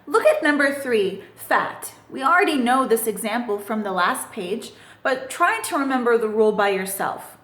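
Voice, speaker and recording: A woman's voice: fairly high pitch, lively intonation, moderate pace, few pauses, fairly bright tone. A woman teaching English grammar in a recorded lesson, patiently spelling out letters and asking the listener questions. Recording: echoey room.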